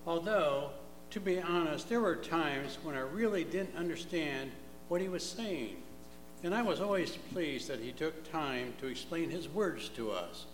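A man's voice: fairly high pitch, expressive, unhurried, reverberant, in a large hall, slight background noise, poor audio. A man as a humble regretful disciple. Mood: sorrowful. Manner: earnest, regretful. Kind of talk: church drama acting.

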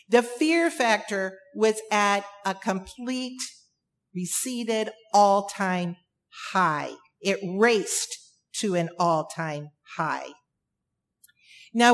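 A woman preaching a sermon, emphatic, with dramatic pauses and repeated phrases. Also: medium pitch.

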